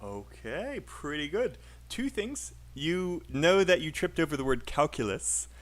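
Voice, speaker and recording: A man's voice: fairly high pitch, sing-song, unhurried. A man teaching a live online English speaking class, encouraging and laughing often.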